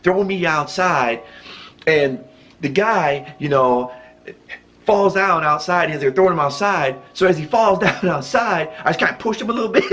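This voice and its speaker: A man with a slightly raised pitch tells a story on his own vlog. He talks in a loose, rambling way, full of fillers and restarts, and keeps chuckling between phrases. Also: expressive, a little slow, fairly bright tone, faint music behind. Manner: chuckles often while telling a story. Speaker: channel host.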